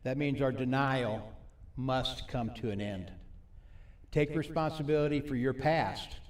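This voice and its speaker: A man preaching a sermon at a recovery ministry. He reads scripture slowly and asks the audience questions. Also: medium pitch. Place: meeting hall with a live audience. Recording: echoey hall, mic from a distance.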